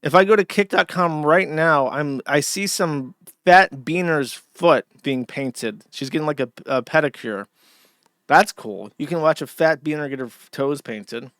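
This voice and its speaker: A man's voice: a little high, unhurried, a bit bright, no room sound, clean studio sound. A man hosting a live stream, delivering sardonic and profane commentary. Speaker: streamer host.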